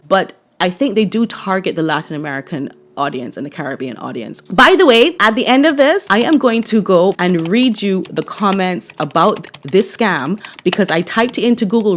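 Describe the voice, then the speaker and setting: A woman with a Barbadian accent telling a personal story to camera in a chatty, animated way, often checking in with viewers. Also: medium pitch. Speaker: vlogger.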